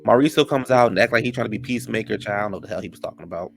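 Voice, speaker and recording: Sassy gravelly-voiced man recapping gossip. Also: on the low side, racing, soft background music. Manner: sassy, gossipy, uses "child" and "honey". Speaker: reality TV recap host. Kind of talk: casual episode recap commentary.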